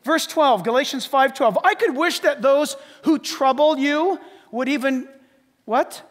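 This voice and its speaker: A man pastor preaching a sermon in church, asking the congregation questions and swinging between loud emphatic lines and quiet asides. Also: very high voice, unhurried, in a large hall. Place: church sanctuary.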